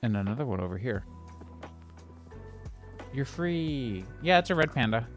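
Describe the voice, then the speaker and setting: A man's voice: mid-range voice, big pitch swings, a little slow, soft background music. A man streaming a building game, rambling casually and now and then snapping in exasperation at the game. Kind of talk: casual gameplay commentary.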